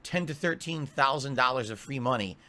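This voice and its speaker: A man's voice: medium pitch, a little fast. A man streaming from his home office, ranting in a profane, exasperated way. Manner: profane, exasperated, lively complaining.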